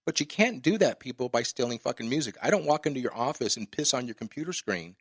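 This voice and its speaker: A man hosting a podcast, ranting with passion and swearing freely as he makes his point. His voice sits at an average pitch. The recording is dry and close, with no room sound. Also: animated, fast, dry recording. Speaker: podcast host. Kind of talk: casual interview chat.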